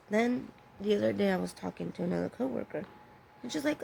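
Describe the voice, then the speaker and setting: A woman talks through a personal story in a vlog, in a candid and halting way. Her voice is full of vocal fry and sounds deeply gravelly. Faint noise sits behind her. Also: lively intonation, darkish tone, low-quality recording. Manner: halting and candid, with pauses and self-corrections. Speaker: vlogger sharing her own story.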